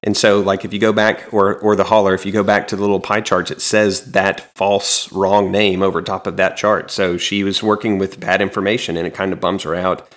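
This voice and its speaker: A man co-hosting a podcast, casually recapping a comic in a relaxed, meandering way with frequent ums. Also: low voice, a little fast, hardly any pauses. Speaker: podcast co-host.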